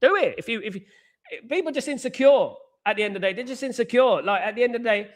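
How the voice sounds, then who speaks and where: A man's voice: very high voice, fast talker. A young man from England, hosting a live football stream and ranting passionately, with mocking jabs at rival fans. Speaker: football channel host.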